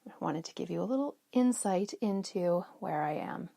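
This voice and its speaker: Brief: middle-aged woman, podcast host, conversational storyteller, slight vocal fry, dry close sound. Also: on the low side, lively intonation, moderate pace, warm tone, no room sound. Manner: chatty, storytelling, restarts mid-sentence. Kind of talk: casual self-care talk.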